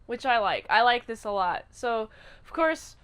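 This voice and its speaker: High-voiced woman recapping casually. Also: measured pace, smooth. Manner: animated, chatty, with sound effects. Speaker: channel host reviewing a TV episode.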